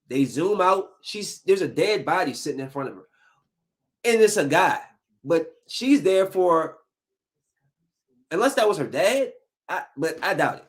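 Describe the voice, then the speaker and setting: Animated podcast host, a man with higher pitch. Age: 30s. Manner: animated, emphatic, ranting with slang. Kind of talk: casual solo commentary.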